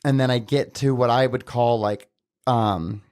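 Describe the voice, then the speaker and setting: A man's voice: medium pitch, steady tone, a little slow, a little mellow, smooth. A man talking as a podcast guest, telling a personal story casually and earnestly, with many filler words. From Southern Utah, USA.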